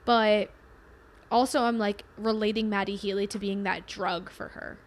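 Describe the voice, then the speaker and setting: A woman's voice: mid-range voice, fairly even intonation, moderate pace. A young woman co-hosting a podcast in upbeat casual chat, laughing often. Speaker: podcast co-host.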